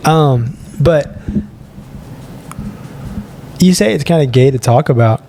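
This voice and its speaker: Young man, podcast co-host, mellow voice, earnest rambling, faint background noise. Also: mid-range voice, slow, gravelly. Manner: rambling, earnest, laughs between thoughts. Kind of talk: casual chat.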